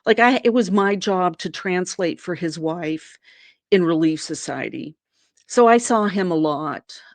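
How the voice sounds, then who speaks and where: A woman's voice: on the low side, unhurried, no echo. A woman from Arizona, a guest in an interview, telling a personal story and acting out what people said in a raised voice. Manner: animated, acts out quoted people in a raised voice.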